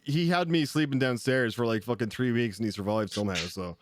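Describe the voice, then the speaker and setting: A man's voice: medium pitch, brisk, slight background noise. A man with an Irish accent telling stories in casual podcast chat, blunt and swearing. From Ireland. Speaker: podcast co-host.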